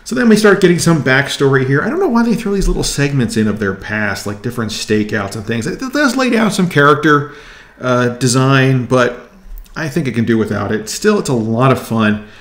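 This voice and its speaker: Excited man reviewing comics in a roomy space. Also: mid-range voice, normal speed. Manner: enthusiastic, excitable. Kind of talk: casual review vlog.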